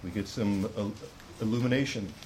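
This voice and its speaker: A man's voice: lowish voice, moderate pace, noisy background. A man preaching a sermon to a congregation, reading scripture aloud and explaining it with earnest restarts. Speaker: pastor.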